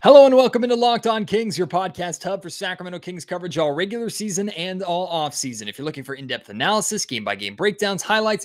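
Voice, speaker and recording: A man hosts a sports podcast in a loose, chatty manner, often pausing on filler words. His voice sits a little high for a man. He talks his listeners through the episode. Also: a bit bright. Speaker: podcast host. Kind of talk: podcast intro and interview.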